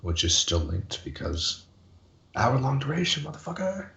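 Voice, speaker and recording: A man's voice: mid-range voice, very animated, normal speed, vocal fry, fairly bright tone. A man playing a tabletop game, making blunt, wry remarks at the table. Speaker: player. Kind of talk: casual game table chat. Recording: echoey room, dull lo-fi sound.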